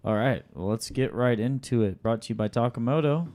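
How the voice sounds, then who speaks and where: A man's voice: mid-range voice, mellow. Dry-humored male co-host reading questions. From Alaska. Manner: dry joking, reads lists haltingly. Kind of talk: casual podcast chat.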